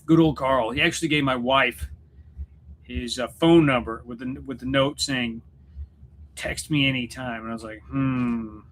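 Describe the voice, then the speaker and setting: A man with a bright, forward voice hosts a casual livestream chat. He rambles and jokes, restarting his sentences as he goes. A faint hum of noise sits under the voice. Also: medium pitch, fairly even intonation, normal speed. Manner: rambling, self-interrupting, joking. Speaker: YouTube channel host and musician. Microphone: computer setup at home.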